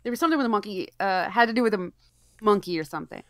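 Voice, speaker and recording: A woman's voice: mid-range voice, lively intonation, racing, dry recording. A woman co-hosting a casual live stream, blunt, mocking and swearing freely. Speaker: podcast co-host.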